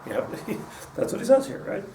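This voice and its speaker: A man's voice: normal speed, mellow. A man teaching a casual Torah class, rambling with many restarts and mixing in Hebrew terms. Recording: echoey room, mic at a distance, faint hum.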